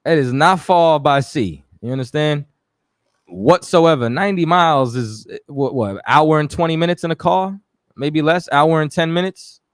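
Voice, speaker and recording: A chatty man from New York hosts a talk radio show in a loose, rambling way. His voice sits a little high for a man, and it sounds close and dry with no room around it. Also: moderate pace, clear, resonant tone, dry recording. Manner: loose, chatty, keeps saying "you know what I'm saying".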